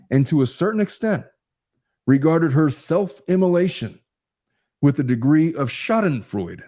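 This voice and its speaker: A man hosting a show, reading a legal complaint aloud in a measured way and adding casual comments of his own. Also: fairly high pitch, warm tone. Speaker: host.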